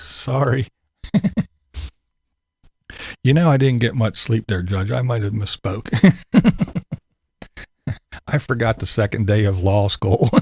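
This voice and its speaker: A man with a mid-range, slightly mellow and husky voice hosts a livestream, answering chat in casual commentary. He laughs through most sentences and swears while mocking, with studio-quality audio and no room sound.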